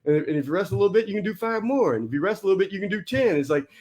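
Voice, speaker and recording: A man talks tough about discipline in a blunt, animated way. His voice sits a little higher than most men's. He sounds preachy and keeps driving each point home. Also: racing. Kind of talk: motivational casual talk.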